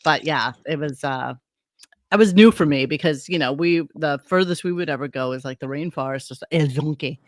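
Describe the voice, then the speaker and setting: A woman's voice: sits low, no room sound. A woman from Brooklyn telling stories in a casual online chat over a video call, loose and full of "like"s. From Brooklyn, New York. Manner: chatty storyteller, many "like"s, quick to laugh.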